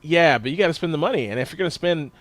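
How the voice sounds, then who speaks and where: A man co-hosting a podcast in casual chat, telling animated stories, swearing often and laughing as he rants. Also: on the high side, racing, no room sound. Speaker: podcast co-host.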